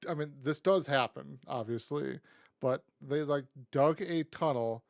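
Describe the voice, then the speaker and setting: A man's voice: a little high, measured pace, creaky, no echo, clean studio sound. Man loosely recapping on a podcast. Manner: loose recapping, self-correcting. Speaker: podcast co-host. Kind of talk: casual chat.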